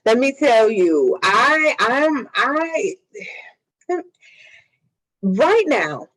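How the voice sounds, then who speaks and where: A woman's voice: fairly high pitch, big pitch swings, extremely slow, a bit bright, rough recording. A woman co-hosting a casual podcast chat, speaking in a heartfelt way as she agrees and adds her own experience. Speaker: podcast co-host.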